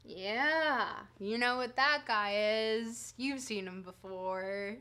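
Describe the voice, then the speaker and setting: A woman whose first language is French hosts a livestream, reading a dense text aloud and breaking off to chat with her viewers. Her voice sits a little high, and her manner is loose and joking, with casual swearing. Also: takes it slowly, hardly any pauses, bright, forceful tone. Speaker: streamer.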